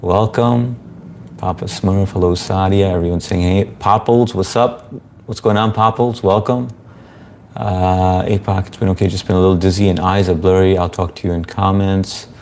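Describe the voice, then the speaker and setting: A man's voice: sits low, fairly even intonation, moderate pace, darkish tone, a little hiss or hum. A man hosting a casual late-night live stream, greeting viewers by name and rambling laid-back with lots of fillers. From Indian family background. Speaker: livestream host. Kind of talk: casual live chat reading comments.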